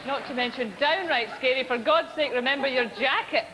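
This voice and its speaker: A woman's voice: sits high, a little fast, in a large hall, a crowd in the background, low-quality recording. Dry-witted Scottish woman presenter. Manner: dry, wry delivery. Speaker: TV comedy show presenter. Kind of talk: scripted TV presenting.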